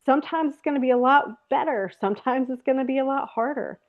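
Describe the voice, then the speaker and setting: A woman's voice: high voice, fast. A woman host giving a reflective, emphatic teaching talk. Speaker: host of a faith program. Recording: tinny phone-like call audio.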